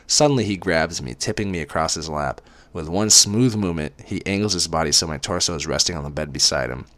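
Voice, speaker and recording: A man's voice: low voice, a little fast, fairly bright tone, no echo. A man reading a romance story aloud as dramatic first-person narration. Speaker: reader.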